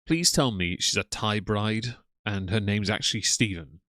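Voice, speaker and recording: A man hosts a casual live stream and chats loosely between greetings, full of ums and trailing asides. His voice sits low and is recorded close and dry, with no room sound around it. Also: normal speed, a bit bright, no room sound. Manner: chatty, rambling, with frequent ums and yawns. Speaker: livestream host.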